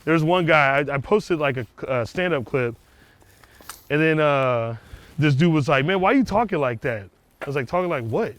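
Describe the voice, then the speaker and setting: A man with a somewhat high voice talks in loose, lively chat while walking down a street outside. He swears freely and slips into other people's voices to act out what they said. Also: moderate pace, clean tone. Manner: animated, profane, acts out quoted people. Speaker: comedian guest. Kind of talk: casual chat. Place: outdoors on a neighborhood street.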